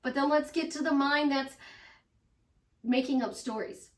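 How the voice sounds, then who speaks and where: Woman, life coach, casual monologue, emphatic, repeats herself, fairly high voice, echoey room. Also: a little slow. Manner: emphatic, repeats phrases, acts out inner voices. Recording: roomy echo, voice from a distance.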